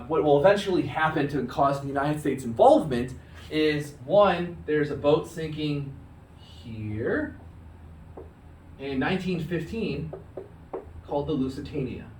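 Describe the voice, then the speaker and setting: A man's voice: a little high, echoey room, recorded from a distance. A man teaching history in a casual recorded lecture, chatty, acting out bits of dialogue in joking voices, recorded on a phone.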